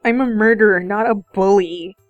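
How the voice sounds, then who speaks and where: A woman voicing a calm, teasing, mysterious young man while reading a visual novel aloud. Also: medium pitch, moderate pace, no room sound, muffled recording, faint music behind, lightly acted.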